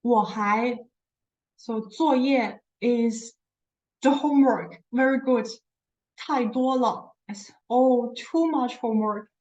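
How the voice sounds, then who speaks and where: A woman with a slightly high, darkish voice speaks slowly on a muffled recording while teaching a language lesson. She explains patiently and repeats words for practice. She often corrects herself mid-sentence and searches for words.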